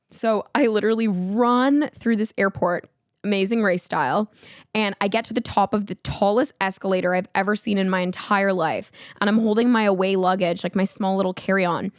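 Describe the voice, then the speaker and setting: A young woman hosting a podcast, telling a travel mishap in a casual, animated way with many filler words. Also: medium pitch, a little fast, dry recording, studio quality. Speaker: podcast host. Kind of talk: casual storytelling.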